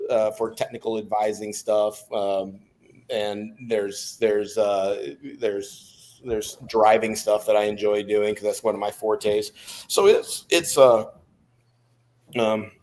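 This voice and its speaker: Slow and fairly low-pitched, a man in his fifties who served as a Navy SEAL recounts life stories as a guest in a casual interview. He's an animated storyteller, laughing between anecdotes.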